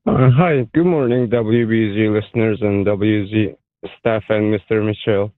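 A man calling in to a radio show, telling his story haltingly with many fillers. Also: on the low side, fairly even intonation, no echo. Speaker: caller. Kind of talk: call-in radio chat. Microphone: phone. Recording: tinny phone line.

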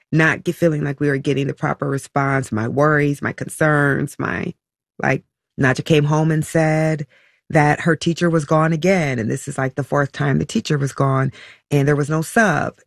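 A woman being interviewed, telling a personal story about her child in a halting, emotional way, full of restarts and fillers. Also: deep voice, gravelly, dry recording, studio quality. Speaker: interview guest, mother.

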